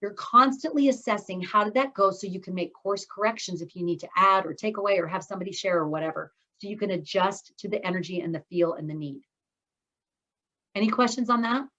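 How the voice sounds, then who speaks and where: A middle-aged woman with a mid-range, sharp-toned voice teaches an online speaking course, addressing her students directly over a video call. She sounds upbeat and encouraging, and the audio is lo-fi.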